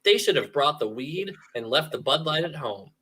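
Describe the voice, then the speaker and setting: Lively, bright-voiced podcast co-host man. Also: a little high, moderate pace, slightly rough. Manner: animated, joking, drops into put-on quotes. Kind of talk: casual streamed podcast chat.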